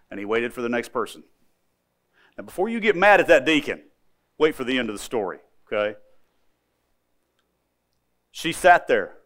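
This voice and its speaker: A man's voice: on the high side, fairly bright tone. A male preacher delivers a sermon as a vivid story. He talks with emphasis and often repeats words as he drives his points home.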